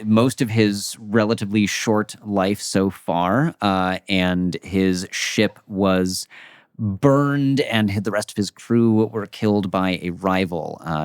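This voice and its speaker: A man's voice: low voice, no room sound, clean studio sound. A man chatting casually as a player, introducing his character in an easygoing way. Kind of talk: casual chat at a tabletop game.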